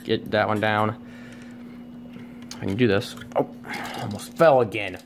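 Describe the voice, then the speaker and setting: A man's voice: on the low side, a little slow, a little hiss or hum. A man reviewing a toy at home on camera, rambling and self-deprecating, with many fillers and restarts. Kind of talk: casual unscripted review. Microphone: camera on a tripod.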